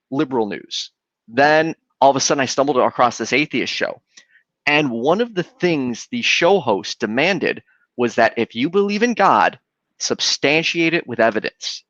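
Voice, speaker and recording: A young man, a podcast host, telling his own story with earnest, halting restarts. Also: medium pitch, fairly bright tone, no echo, muffled recording. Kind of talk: casual conversation.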